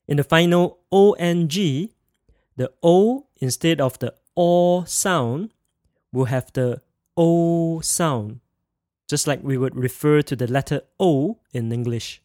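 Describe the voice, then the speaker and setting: A man teaching a pronunciation lesson, modelling each sound slowly and carefully and asking the listener to repeat it. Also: mid-range voice, a little mellow, dry recording, clean studio sound. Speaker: language teacher.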